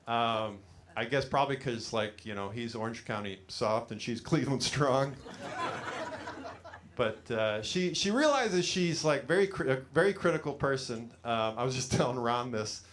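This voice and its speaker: A man's voice: medium pitch, lively intonation, moderate pace, fairly bright tone, slight background noise. A middle-aged man from California doing a stand-up comedy set, telling rambling self-deprecating stories full of fillers on a small studio stage.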